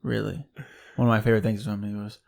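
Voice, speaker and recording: A man's voice: on the low side, little pitch movement, fast, creaky, a little mellow. A man co-hosting a podcast, trading laid-back, slangy banter with a friend. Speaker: podcast co-host. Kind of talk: casual chat.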